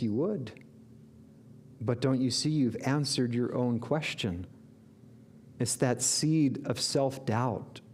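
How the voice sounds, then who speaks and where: A man speaking slowly and deliberately as a spiritual teacher, earnest and reflective. His voice sits at a middle pitch for a man, and he warms into lively bursts of enthusiasm. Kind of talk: inspirational sermon.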